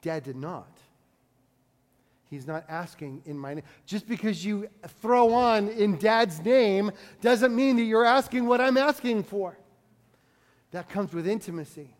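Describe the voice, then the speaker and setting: A middle-aged man preaching a sermon with passion, dropping to a hush for quoted words. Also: sits high, expressive, a little slow, big-room sound. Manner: impassioned preaching, dropping to hushed tones for quotes. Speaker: pastor.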